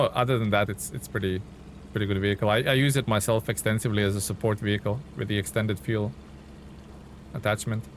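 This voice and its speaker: A man's voice: medium pitch, slight background noise. A man streaming a truck-driving game live, giving laid-back, chatty commentary and reading viewer chat aloud.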